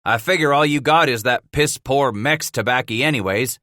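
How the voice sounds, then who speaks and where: A man's voice: mid-range voice, normal speed, sharp tone, dry recording, clean studio sound, voice pushed up, natural voice. Man doing a snarling mountain man. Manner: growling, defiant, coarse.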